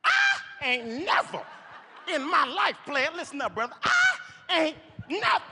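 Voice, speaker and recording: A man's voice: very high-pitched, huge pitch swings, unhurried, slight background noise, pitched above the performer's own voice, full character voice. A comedian acting out a brash, insistent half-naked street man who begs for money. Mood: indignant. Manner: loud, insistent, repetitive hustling. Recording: echoey theater stage.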